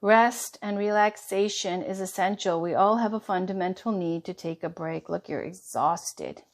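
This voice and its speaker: A woman giving a chatty tarot reading, going hoarse as she loses her voice. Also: mid-range voice, moderate pace. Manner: chatty, reassuring, drifts between reading aloud and asides. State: losing her voice. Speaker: tarot reader.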